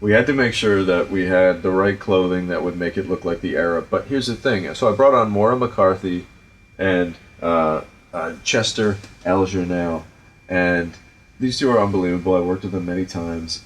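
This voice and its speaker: A middle-aged man with a Providence, Rhode Island accent, hosting a casual chat and telling stories about directing in an animated, profane way with lots of fillers. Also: low voice, moderate pace, slight background noise. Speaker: podcast host and film director.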